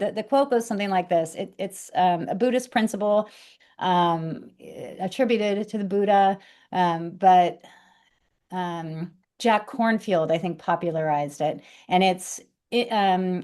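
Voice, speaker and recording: A woman teaching a reflexology class in a gentle, unhurried and reflective way, with frequent fillers and restarts. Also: on the low side. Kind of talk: gentle instructional talk.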